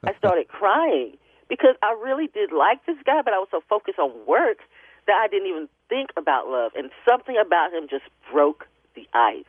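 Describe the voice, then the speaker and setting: A woman's voice: mid-range voice, very animated, normal speed, husky, no room sound. A woman phoning in to a radio show. She tells her story in an emotional, chatty way, laughing through it and tearing up. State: tearful. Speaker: caller. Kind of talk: phone-in radio call. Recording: tinny phone line.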